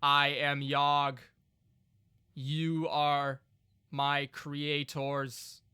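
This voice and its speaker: A man voicing a newly woken golem, confused and speaking slowly. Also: on the high side, completely flat delivery, sharp tone, clean tone, full character voice. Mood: solemn.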